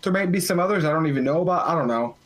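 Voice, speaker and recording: A man's voice: on the high side, lively intonation, very fast. A man co-hosting a casual podcast, rambling and swearing, a bit drunk. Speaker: podcast co-host.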